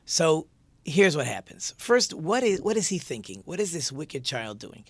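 A man's voice: on the high side, sing-song, moderate pace, a bit bright, no echo. A male teacher giving a conversational religious lesson and posing rhetorical questions to his listeners.

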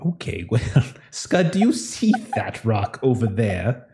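A man running a tabletop game as game master, narrating scenes and voicing characters with a relaxed, chuckling manner. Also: fairly low pitch, unhurried.

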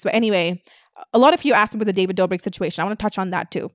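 A woman's voice: mid-range voice, very fast, no room sound, clean studio sound. A woman influencer ranting casually to her viewers, blunt and full of swearing, often slipping into mocking imitations of her critics. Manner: blunt and heavy on swearing, breaks into mock voices of critics. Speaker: internet influencer. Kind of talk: casual vlog rant.

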